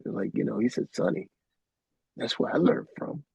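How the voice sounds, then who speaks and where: Gravelly, husky middle-aged man telling stories. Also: mid-range voice, expressive, moderate pace, darkish tone, dry recording. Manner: rambling anecdotes peppered with "man". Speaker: interview guest, keyboardist. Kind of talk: casual storytelling interview. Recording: dry, dull lo-fi sound.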